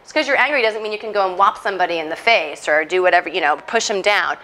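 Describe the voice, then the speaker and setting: A woman psychologist giving an earnest, animated parenting talk to a church moms' group, often checking in with "right?". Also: on the low side, quick pace.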